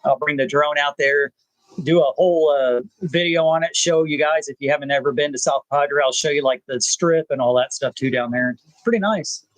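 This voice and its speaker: A man, hosting a rambling live chat with viewers, pausing often with "uh". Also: a little high, dry recording, low-quality recording. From South Texas. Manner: laid-back, rambling, frequent "uh" pauses. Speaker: channel host.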